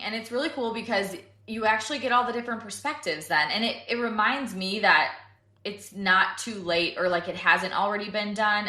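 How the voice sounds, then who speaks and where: Bright chatty woman podcast host. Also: medium pitch. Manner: chatty, rambling with many fillers. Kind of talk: casual chat. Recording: echoey room.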